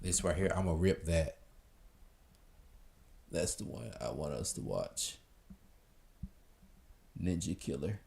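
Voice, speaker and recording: A man's voice: low-pitched, lively intonation, takes it slowly, gravelly, pauses often, darkish tone, breathy edge. A man in his thirties with a thick Southern US accent, rambling casually to his live-stream chat, full of slang and fillers.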